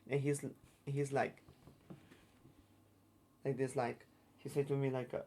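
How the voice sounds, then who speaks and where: A man recounts his experiences to an interviewer. His English is halting and broken, full of fillers and restarts. His voice sits at a middling pitch. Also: level tone, warm tone, a little hiss or hum. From Mexico. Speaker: guest, circus artist. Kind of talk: casual storytelling interview.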